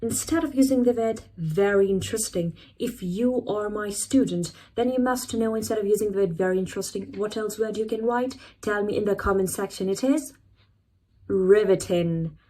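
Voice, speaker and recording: A woman hosts an English vocabulary lesson in a middle-pitched voice. She repeats each new word slowly and clearly so learners can copy it. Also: warm tone, rough recording. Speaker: English teacher, channel host.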